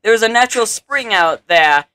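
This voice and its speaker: A man doing a jolly, booming town advisor. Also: animated, moderate pace, smooth, dry recording. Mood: eager. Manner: loud, theatrical, jolly. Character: eager male town advisor greeting a new mayor.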